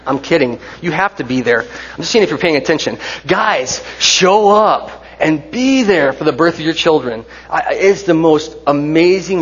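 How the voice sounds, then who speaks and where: A man in his forties preaching a sermon in a church, conversational, with joking asides and rhetorical questions. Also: a little high. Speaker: pastor. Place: church sanctuary. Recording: dull sound with long hall reverb.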